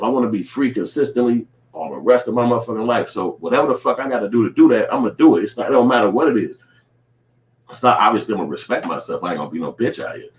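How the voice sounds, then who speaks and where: A man's voice: fairly low pitch, reverberant. A man, ranting casually to camera in profane, emphatic street talk. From Chicago. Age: 40s. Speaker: independent filmmaker and vlogger. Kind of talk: casual reaction rant to camera.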